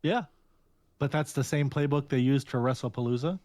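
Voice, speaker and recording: A man's voice: mid-range voice, normal speed, darkish tone, dry recording. Male podcast co-host, mid-range voice, matter-of-fact casual delivery, dry recording. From United States. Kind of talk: casual chat.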